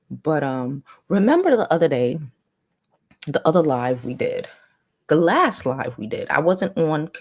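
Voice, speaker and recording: A woman hosts a casual livestream in a hoarse, gravelly voice, speaking. She talks in a playful, rambling way, trailing off and restarting her sentences. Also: deep voice. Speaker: livestream host.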